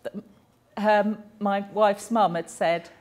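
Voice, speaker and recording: A woman's voice: mid-range voice, fairly even intonation, slow pace, a little mellow. A woman, voicing a deaf speaker's personal stories aloud in a chatty, anecdotal way, with small self-corrections along the way.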